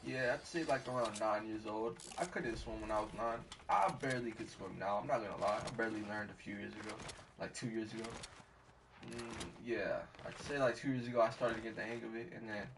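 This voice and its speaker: A young man streaming a game and telling a rambling story in casual slang, laughing at himself and acting out quotes loudly. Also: lowish voice, fairly quick, vocal fry. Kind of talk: casual storytelling while gaming. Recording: distant mic with faint background noise.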